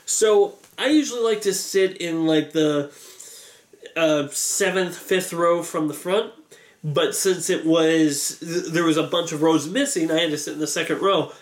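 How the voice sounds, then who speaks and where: A man vlogger telling an animated, exasperated story, acting out a crowd yelling. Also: a little high, measured pace. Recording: echoey room.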